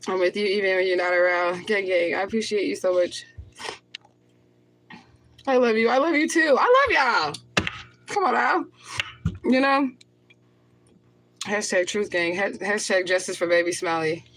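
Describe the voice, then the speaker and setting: A woman's voice: medium pitch, lively intonation, normal speed, long pauses, a bit bright. A woman livestreaming to her viewers, rambling and profane, reading comments aloud and flaring into anger. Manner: repeats herself, flares up in anger. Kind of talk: emotional livestream talk to viewers.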